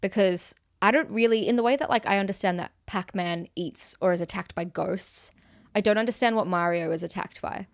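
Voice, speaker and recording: A woman's voice: mid-range voice, brisk, dry recording, studio quality. A woman co-hosting a casual podcast, curious and incredulous, asking question after question. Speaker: podcast co-host. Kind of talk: casual film podcast chat.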